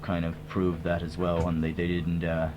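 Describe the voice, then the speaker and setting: Using a put-on American accent, a deep-voiced man plays a tribute band singer in a comic radio interview, rambling deadpan with plenty of hesitant fillers at normal speed. The audio is a dull, lo-fi old radio tape with hum.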